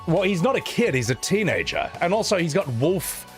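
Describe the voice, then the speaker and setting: Sarcastic male streamer, lively swooping delivery, slightly high voice, light music under him. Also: normal speed. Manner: animated, sarcastic, swears, says "man" a lot. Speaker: streamer reading super chats. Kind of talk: casual live-stream chat.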